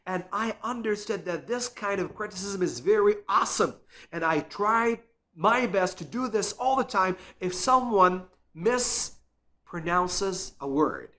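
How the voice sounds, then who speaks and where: A man's voice: high-pitched, expressive, unhurried, fairly bright tone. A man and English teacher giving an earnest, encouraging spoken lesson, repeating words to show pronunciation.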